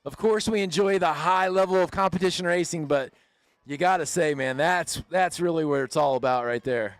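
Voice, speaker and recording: A man calling a street bike race live outdoors, excited and playful, cheering the riders on. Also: on the high side, moderate pace, clean tone, dry recording. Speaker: race announcer.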